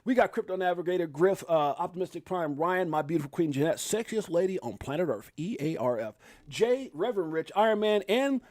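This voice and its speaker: A Chicago man rattles along at a breakneck clip as he hosts a casual livestream, shouting out his viewers. His voice sits high and stays excitable, and the sound is dry and close to the mic. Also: a little fast, dry recording. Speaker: livestream host. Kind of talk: hyped casual livestream chat.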